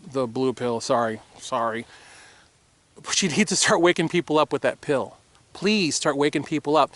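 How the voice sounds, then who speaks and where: Middle-aged male vlogger, higher-pitched, impassioned outdoor rant with sudden drops to a hush. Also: no room sound. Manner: swings from shouting to hushed apologies. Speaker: firearms accessory maker and vlogger. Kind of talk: impassioned political monologue to camera.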